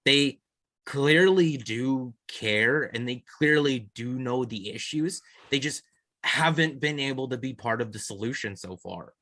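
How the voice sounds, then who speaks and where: A man's voice: mid-range voice, measured pace, bright, forceful tone, no echo. A man co-hosting a casual sports podcast, talking earnestly and restarting his sentences often. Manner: rambling, repeats and restarts, earnest. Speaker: podcast co-host.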